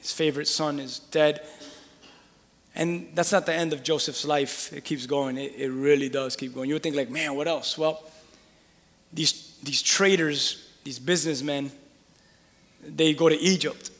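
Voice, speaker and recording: A male preacher retelling a scripture story in an animated sermon, acting out the scenes as he goes. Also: fairly high pitch, measured pace, long pauses, in a large hall.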